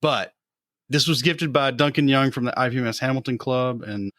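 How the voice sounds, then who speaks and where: A man co-hosts a podcast, chatting casually while joking and teasing. His mid-range voice is a bit bright at a normal speed, recorded with clean studio sound and no room sound.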